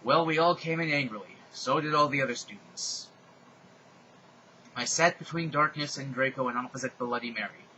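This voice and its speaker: A man giving a mocking dramatic reading in a deadpan tone with sarcastic asides. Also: medium pitch, moderate pace, highs cut off, a little hiss or hum. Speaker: reader.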